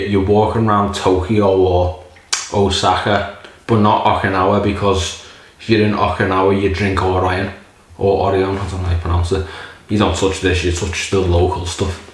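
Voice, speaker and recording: A man casually reviewing a beer in a rambling, jokey way, swearing often. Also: on the low side. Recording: very echoey room.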